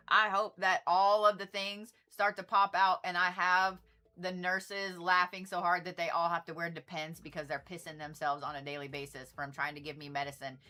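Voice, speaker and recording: Bright-voiced chatty woman astrologer. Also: fairly low pitch. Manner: chatty, rambling, profane, laughing asides. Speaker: astrologer livestream host. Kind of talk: casual livestream chat.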